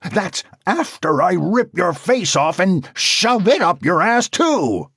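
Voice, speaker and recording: A man's voice: high-pitched, big pitch swings, takes it slowly, creaky, breathy edge, dry recording, studio quality, pitched above the performer's own voice, exaggerated voice. A man doing a raging, hot-tempered cop. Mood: furious. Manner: threatening, shouting. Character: furious middle-aged cop, hot-tempered. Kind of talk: audiobook character voice.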